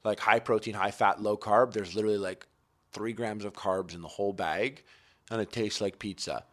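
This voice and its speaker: A Canadian man, a podcast guest, chatting casually and acting out gruff exchanges as he tells stories. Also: on the low side, fairly even intonation, moderate pace, a bit bright. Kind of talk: casual chat.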